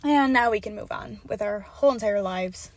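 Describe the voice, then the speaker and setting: A woman's voice: mid-range voice, moderate pace, dry recording. A young woman hosting her own podcast, chatting casually with lots of giggles and swearing as she rambles. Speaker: podcast host. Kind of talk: casual solo podcast chat. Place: parked car.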